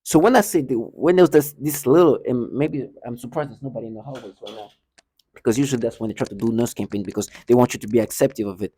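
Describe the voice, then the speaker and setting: A man's voice: mid-range voice, fast talker, mellow, husky, no echo. A man ranting indignantly to the camera in a monologue, repeating himself and stumbling over restarts. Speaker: vlogger. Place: indoor building hallway.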